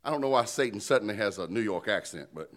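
A man's voice: on the low side, animated, quick pace, fairly bright tone, slight background noise. A man preaching a sermon in a conversational, joking style, calling out to the congregation for responses and an amen. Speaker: pastor.

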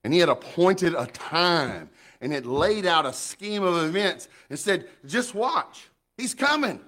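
A middle-aged man preaching a sermon in an animated, folksy way, often repeating words as he builds up. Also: fairly high pitch, measured pace. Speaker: pastor.

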